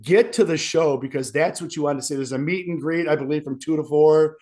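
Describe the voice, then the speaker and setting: A man's voice: on the high side, fairly quick, darkish tone. Sore, rambling wrestler man. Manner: rambling, self-pitying, jokey. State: sore ribs, wincing in pain. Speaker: pro wrestler interviewee. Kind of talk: casual interview chat.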